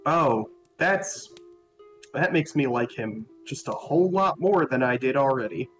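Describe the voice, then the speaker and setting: A man's voice: mid-range voice, expressive, a little slow. Guy playing tabletop rpg, casual, faint music behind. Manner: talks casually in character and out of character. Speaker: player. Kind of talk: casual tabletop role-play.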